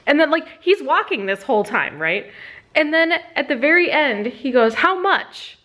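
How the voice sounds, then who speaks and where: Woman vlogger, casual storytelling, chatty, laughs often, high voice, very lively. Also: moderate pace. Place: home, on a sofa.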